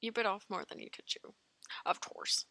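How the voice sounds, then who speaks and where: A woman streamer reading a fan-made visual novel aloud in an expressive, giggly manner, faint game music behind. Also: quick pace, no room sound. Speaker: let's play streamer.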